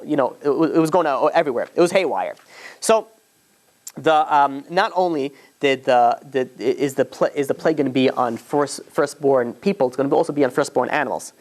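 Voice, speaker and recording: A man teaching as a rabbi, telling a story informally to a class, with many restarts and asides, and acting out the quotes. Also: fairly high pitch. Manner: chatty, with frequent restarts and "you know"s, acts out quotes.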